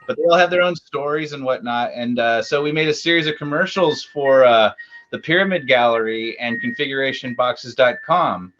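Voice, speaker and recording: Bright-voiced man, rambling. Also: medium pitch, lo-fi sound, faint music behind. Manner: rambling, halting storyteller with fillers. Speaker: co-host. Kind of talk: casual interview chat.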